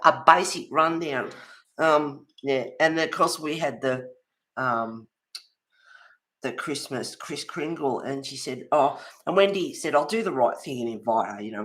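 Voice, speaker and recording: A woman's voice: sits low, a bit bright. A woman hosting a casual livestream from home, rambling through gossipy neighbour stories and laughing often. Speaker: colouring livestream host.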